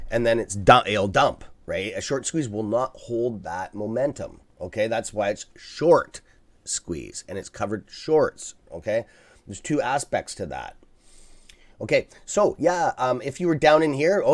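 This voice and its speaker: A man hosting a live stock market stream, talking casually and bluntly to his viewers, swearing freely and checking in with "okay?" as he rambles through restarts. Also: fairly low pitch. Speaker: livestream stock trading host.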